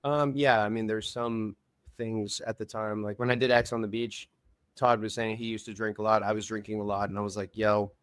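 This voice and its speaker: A man's voice: on the low side, level tone, brisk, a bit bright, clean tone, dry recording. Guy guest on a podcast, earnest and rambly, lots of "like" and "you know", dead dry mic. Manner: earnest, rambling storytelling with many fillers. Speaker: reality show contestant and podcast guest. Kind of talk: casual chat.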